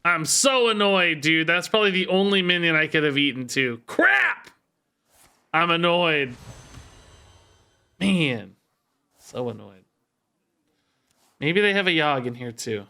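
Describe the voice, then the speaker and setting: A man's voice: fairly high pitch, a little fast, hardly any pauses, pushed and bright, smooth. A man streaming live, commenting on his gameplay, thinking aloud and picking apart his own moves. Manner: thinks aloud, self-critical, repeats himself. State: sore and tired from sport. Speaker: game streamer.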